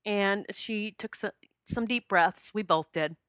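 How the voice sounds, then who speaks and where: A woman's voice: medium pitch, slow pace, fairly bright tone, clean tone, no room sound, clean studio sound. A middle-aged woman hosting a podcast, telling a personal spiritual story with heartfelt emotion that chokes her up. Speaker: podcast host.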